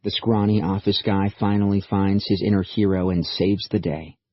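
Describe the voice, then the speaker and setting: Male audiobook narrator, deep and husky, measured delivery, dry booth sound. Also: no room sound. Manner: steady, measured storytelling. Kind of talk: scripted narration. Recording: dry, slightly dull audiobook recording.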